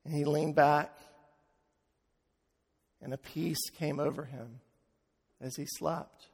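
Male pastor, sermon delivery, unhurried, hushed dips and loud swells, reverberant sanctuary. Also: on the high side, steady tone, vocal fry, slightly rough. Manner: slow, with hushed drops and swells to loud emphasis. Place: church sanctuary. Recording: long reverb of a large hall.

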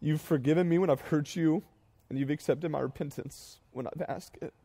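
A man's voice: a little high, warm tone. A young man as a pastor giving a farewell sermon, building through emphatic repeated phrases, his voice catching with emotion. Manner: builds to rising emphatic repetition, then tearful and halting.

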